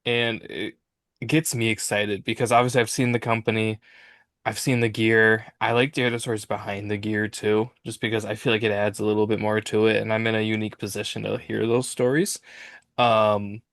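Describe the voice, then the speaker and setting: A man with a Minnesotan accent leads a casual podcast chat. His voice sits low and stays fairly flat, and he keeps slipping in self-deprecating jokes. The sound is dry and close. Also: a little fast, dry recording. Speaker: podcast host.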